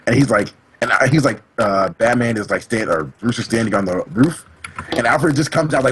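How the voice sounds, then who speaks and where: A young man, co-hosting a casual podcast chat, excitable and quick to laugh. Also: medium pitch, a little hiss or hum. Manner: excitable, jumps between topics, laughs often. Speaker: podcast co-host.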